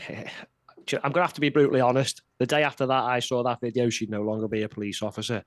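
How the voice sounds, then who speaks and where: A man's voice: mid-range voice, little pitch movement, quick pace, no echo. A man co-hosting a casual political chat, blunt and heated. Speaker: podcast co-host.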